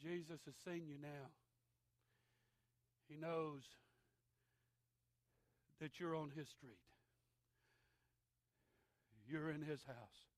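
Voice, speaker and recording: A middle-aged man preaching a sermon, swinging from shouted preaching to hushed intensity, with a gravelly voice. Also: fairly high pitch, steady tone, drawn-out words, pauses often, no echo. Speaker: pastor.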